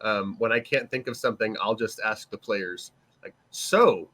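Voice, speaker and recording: A man's voice: on the low side, normal speed. A man on a game master panel, chatting casually and jokingly, with laughs between his points. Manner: joking, animated, laughs while talking.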